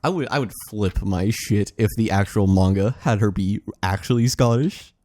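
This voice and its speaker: A man's voice: lowish voice, moderate pace, a little mellow. A man co-hosting a casual podcast while drawing, rambling and laughing often. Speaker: podcast co-host.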